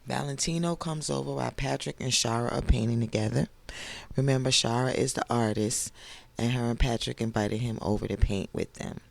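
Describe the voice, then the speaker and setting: Hoarse, gravelly man gushing over a recap. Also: medium pitch, steady tone, brisk. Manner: gushing, chatty storytelling with asides. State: hoarse, voice not fully recovered. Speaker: reality TV recap host. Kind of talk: casual TV recap commentary.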